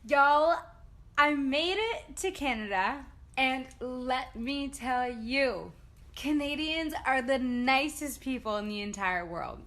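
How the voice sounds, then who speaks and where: A young adult woman recording a selfie vlog on her phone, gushing and excited as she talks to the camera. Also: high voice, slow pace. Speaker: vlogger.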